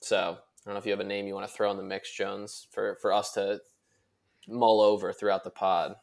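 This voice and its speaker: A man's voice: lowish voice, monotone, a little fast, creaky, a little mellow. A man co-hosting a casual podcast on a video call, talking in a dry, teasing way. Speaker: podcast co-host.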